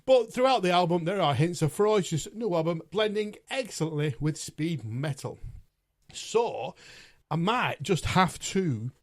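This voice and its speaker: A man hosting a podcast, reviewing albums in casual chat, chatty and self-mocking, with a lot of swearing. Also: a little high. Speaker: podcast host.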